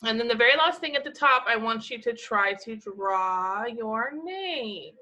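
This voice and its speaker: Woman, preschool teacher, fairly high voice, patient and encouraging. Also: animated, pushed and bright, muffled recording. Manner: slow, patient, sing-song and encouraging. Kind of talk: teaching a worksheet to young children.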